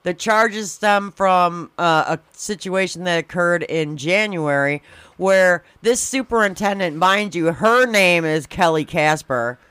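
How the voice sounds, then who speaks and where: A woman with a bright, clear voice who talks slowly and bluntly, breaking into laughter often. She co-hosts a casual podcast, recorded dry and close. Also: on the low side, dry recording. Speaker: podcast co-host. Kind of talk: casual chat, storytelling.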